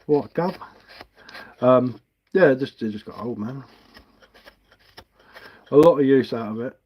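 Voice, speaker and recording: A man chats easily on his live stream, wandering from one thought to the next and laughing at himself. His voice sits at an ordinary middle pitch. The stream sound is a bit dull and muffled. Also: unhurried, breathy edge. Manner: relaxed, rambling, self-mocking. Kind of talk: casual chat while carving. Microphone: headphones with mic.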